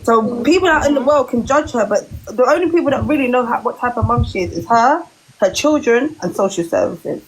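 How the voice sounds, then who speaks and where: A woman's voice: a little high, expressive, a little fast, slight background noise, rough recording. A woman explaining her view earnestly in a casual group chat.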